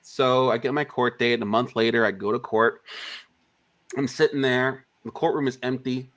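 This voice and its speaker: Man telling animated stories on a stream. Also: mid-range voice, normal speed. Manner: animated anecdote teller who acts out quotes. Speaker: interview guest, filmmaker. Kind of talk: casual storytelling. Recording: live stream call.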